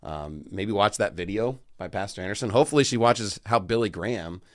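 A man's voice: on the low side, a little fast, no echo, studio quality. A man hosting a casual chat, talkative and laughing, with stammering restarts. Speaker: show host.

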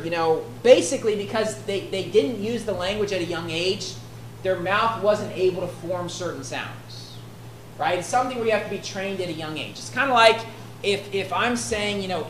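A woman's voice: mid-range voice, a little hiss or hum. A woman preaching a sermon who reads scripture aloud and explains it in a conversational way, often checking in with "right?". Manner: conversational, keeps asking "right?". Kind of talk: expository sermon. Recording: echoey room with faint ambience.

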